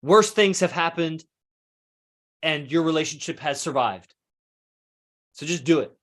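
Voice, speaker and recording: Rambling man with a slightly high voice. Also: a little slow, fairly bright tone. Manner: rambling, swears freely, self-correcting. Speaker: podcast host. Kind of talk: casual philosophical monologue.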